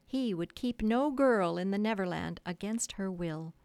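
A woman reading a children's classic aloud in a measured, expressive storytelling manner. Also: medium pitch, gravelly, clear, resonant tone, no room sound. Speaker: audiobook narrator. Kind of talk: scripted narration. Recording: dry close studio sound.

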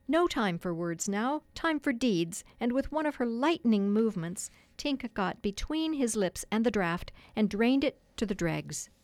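A woman narrating a classic children's story in a measured, expressive reading voice. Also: medium pitch, no room sound.

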